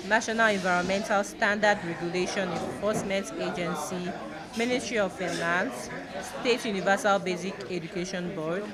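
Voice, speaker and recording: Woman reading news over a crowd. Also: mid-range voice. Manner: list-like reading. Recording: crowd noise behind.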